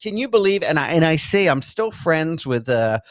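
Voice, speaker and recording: High-voiced, profane male co-host. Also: sing-song, moderate pace, a little hiss or hum. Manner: profane, rambling and combative. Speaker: podcast co-host. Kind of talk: crude casual banter.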